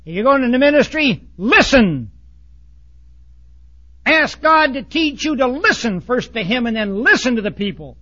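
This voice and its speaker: A man preaching a blunt, folksy sermon to ministers, swinging from loud outbursts to hushed asides. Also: extremely high pitch, big pitch swings, unhurried, dull audio. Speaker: pastor.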